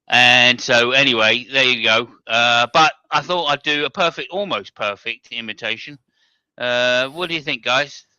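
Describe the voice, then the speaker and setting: A man's voice: mid-range voice, normal speed, pushed and bright, clear, resonant tone, no room sound. A man hosting a casual motorsport chat over an online call, jokey and rambling with many fillers. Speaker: podcast host.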